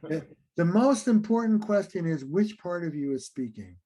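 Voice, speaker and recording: Mellow-voiced man explaining relationships. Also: sits high, normal speed. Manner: animated, acts out little scenes between partners. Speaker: relationship therapist and author. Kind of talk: conversational interview explanation.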